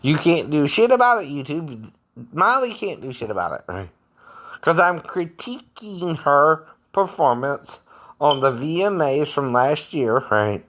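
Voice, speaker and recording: A male impersonator rambles casually to his viewers, slow and unhurried, and his pitch rises and falls a lot. He keeps tagging his points with "right?" and laughs between them. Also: very animated, fairly bright tone. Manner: keeps asking "right?", chuckles often. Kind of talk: casual vlog monologue.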